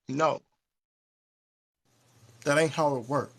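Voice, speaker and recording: A man's voice: high voice, normal speed. A man, ranting with profanity in a casual podcast talk. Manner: animated, profane, preachy. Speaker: podcast host. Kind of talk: casual rant.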